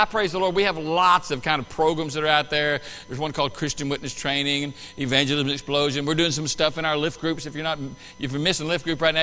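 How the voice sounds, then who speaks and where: Male pastor, high bright voice, lively sermon delivery with loud peaks, reverberant church hall. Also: a little hiss or hum. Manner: animated preaching with sudden loud bursts and quiet asides. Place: church sanctuary.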